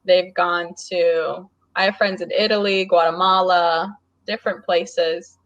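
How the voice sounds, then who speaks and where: A woman's voice: lowish voice, steady tone, unhurried, fairly bright tone, highs cut off. Friendly American woman tutor, laughing often. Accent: general American. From United States. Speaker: online English tutor. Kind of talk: casual conversation lesson. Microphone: video call.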